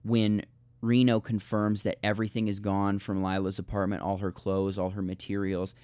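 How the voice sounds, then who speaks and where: A low-voiced man co-hosting a book podcast talks through a novel in a thoughtful, analytical way. His voice is dry and close to the mic. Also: completely flat delivery, normal speed, a little mellow, smooth, no echo. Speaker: podcast co-host. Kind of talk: casual book discussion.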